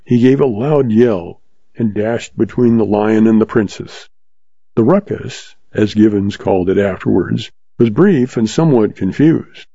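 A man narrating a story in a steady audiobook reading. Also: on the low side, a little slow, vocal fry, slightly rough, dry recording. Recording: slightly dull, dry recording.

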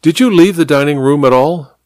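A man voicing a calm, methodical, polite police officer in a dry storybook reading. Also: on the high side, brisk, no echo, voice pushed up, close to an everyday voice. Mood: questioning.

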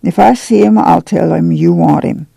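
A man voicing a stern, steady farm mother who speaks firmly in a drawl. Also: fairly low pitch, normal speed, vocal fry, breathy edge, no room sound, exaggerated voice. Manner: firm and plain-spoken.

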